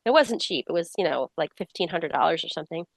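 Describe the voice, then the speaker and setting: A woman's voice: deep voice, fast, creaky, no room sound. A middle-aged woman author, a guest with a slight cold, telling stories and acting out what people said. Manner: lively storyteller who acts out quoted dialogue. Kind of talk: casual interview storytelling.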